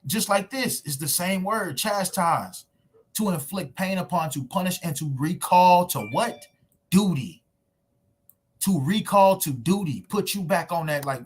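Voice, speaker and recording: A man delivers a sermon to camera in a loose, emphatic street manner, firing off rhetorical questions. His voice sits a little high and has a husky, rough-edged tone. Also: animated, moderate pace. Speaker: preacher. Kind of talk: street preaching sermon video. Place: at home recording himself with screen share.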